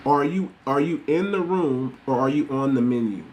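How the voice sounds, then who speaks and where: A man's voice: mid-range voice, normal speed, a little mellow, a little hiss or hum. A man hosting a podcast, giving blunt, repetitive commentary straight to his listeners. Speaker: podcast host. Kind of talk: casual commentary monologue.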